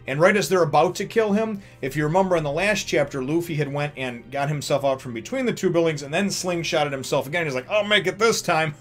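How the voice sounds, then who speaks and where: A man's voice: a little high, quick pace, hardly any pauses, faint music behind. A man hosting a casual manga chapter review vlog who rambles with lots of fillers and laughs often. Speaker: host of a manga review channel.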